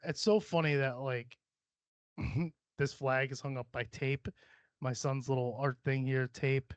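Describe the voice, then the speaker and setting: A man's voice: medium pitch, fairly even intonation, measured pace, no echo. A young adult man hosting a casual solo podcast from a cluttered home room, blunt, profane and rambling as he jokes. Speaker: podcast host.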